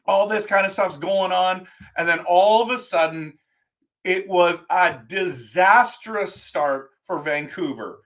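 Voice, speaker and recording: High-voiced exasperated man ranting. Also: takes it slowly, a bit bright. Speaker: live stream host. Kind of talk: post-game fan talk.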